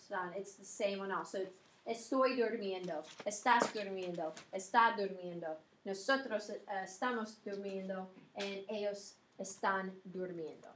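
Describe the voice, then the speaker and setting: A woman's voice: mid-range voice, steady tone, moderate pace. A woman teaching a Spanish grammar lesson, explaining patiently and checking in with her listeners. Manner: explains patiently, checks in with "okay" and "all right". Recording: echoey room with faint noise.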